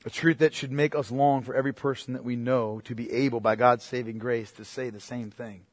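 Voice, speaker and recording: A man's voice: steady tone, no room sound. A man preaching a sermon, emphatic and searching, calling his listeners "beloved" and pressing them with questions. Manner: emphatic, rising to forceful preaching, then dropping low and slow; addresses listeners as "beloved", asks pointed questions. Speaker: pastor.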